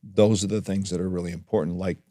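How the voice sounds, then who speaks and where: A man's voice: sits low, flat delivery, fast talker, warm tone, no room sound. A man who owns a gymnastics gym, talking thoughtfully as a guest on a podcast with frequent fillers. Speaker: gym owner and gymnastics coach. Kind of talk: casual interview conversation.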